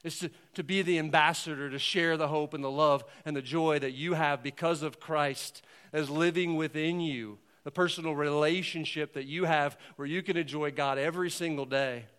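Man preaching with lively, earnest emphasis. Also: on the high side, moderate pace, hardly any pauses, clear, resonant tone. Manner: conversational, earnest preaching with sudden loud emphasis and quiet asides. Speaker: pastor. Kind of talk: sermon.

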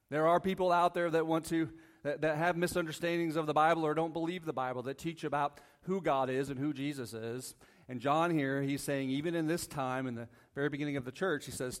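Casual pastor preaching with frequent "right?". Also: male voice, on the high side, steady tone, moderate pace. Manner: casual, asks the congregation "right?" often, jokes lightly. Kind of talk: conversational sermon with Bible reading. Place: church sanctuary.

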